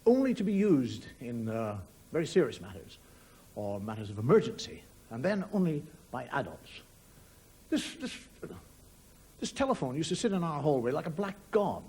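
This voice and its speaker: At a moderate pace, a middle-aged man from Ireland performs wry stand-up, voicing characters in a sing-song delivery that runs high, with a darkish, slightly rough tone. It's a 1990 TV studio recording, complete with audience noise and laughter.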